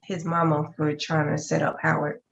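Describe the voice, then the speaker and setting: A woman's voice: sits low, completely flat delivery, moderate pace, vocal fry. A woman co-hosting a casual TV recap chat, tossing in wry joking asides. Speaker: podcast co-host. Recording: muffled lo-fi audio.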